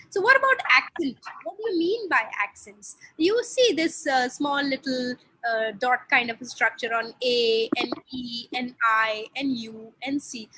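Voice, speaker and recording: Bright, husky-voiced woman teaching French. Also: high-pitched, poor audio. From India. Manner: explanatory, asks questions of listeners. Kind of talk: lecture.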